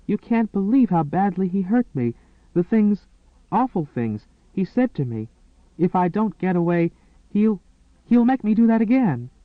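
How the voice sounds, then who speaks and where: A man's voice: animated, normal speed, no echo, close to an everyday voice. A man voicing a distraught, furious young woman who speaks in choked, pleading bursts. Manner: pleading, choked, high-strung. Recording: tinny, phone-like and dry.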